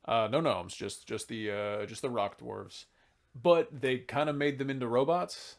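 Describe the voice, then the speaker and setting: A man's voice: medium pitch, a little slow, vocal fry. A tipsy man hosting a podcast, rambling casually about game lore and swearing now and then. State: drunk. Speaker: podcast host.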